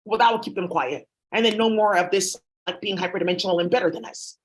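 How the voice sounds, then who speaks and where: A woman's voice: mid-range voice, fast talker. A woman vlogger talking in a rambling, blunt, profane monologue. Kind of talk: casual monologue.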